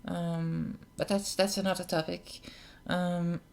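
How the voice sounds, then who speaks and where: A woman's voice: lowish voice, little pitch movement, slow pace, creaky. A woman explaining voice technique in a casual spoken tutorial, hesitant, with many ums and apologetic asides. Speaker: voice coach. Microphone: camera mic, speaker close to camera.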